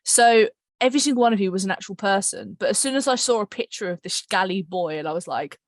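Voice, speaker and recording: A woman's voice: mid-range voice, quick pace, no room sound, studio quality. A woman hosting a casual podcast chat with her cast, chatty and laughing often. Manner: giggly, chatty. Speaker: podcast host and writer.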